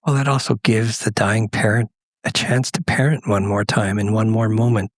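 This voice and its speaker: Man, podcast host, lowish voice, measured questions, dry sound. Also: steady tone, no echo. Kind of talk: podcast conversation.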